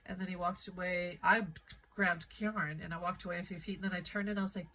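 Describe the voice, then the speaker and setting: A woman's voice: lowish voice, fairly even intonation, fast, bright, forceful tone, slight background noise, poor audio. A woman vlogging into her phone, rambling and heated in a conspiratorial way. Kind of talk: casual rambling monologue to camera. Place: home in the Midwest of the USA.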